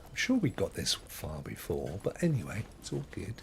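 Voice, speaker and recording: A man streams a game and rambles along in a low, gravelly voice that still bounces lively up and down. He chats and laughs often. Loud game sound rattles behind him. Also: normal speed, noisy background. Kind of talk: casual gameplay commentary.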